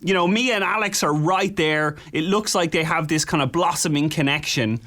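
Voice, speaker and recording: A man hosting a reality-show recap, quick, jokey and teasing with his guests. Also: a little high, a bit bright. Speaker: host.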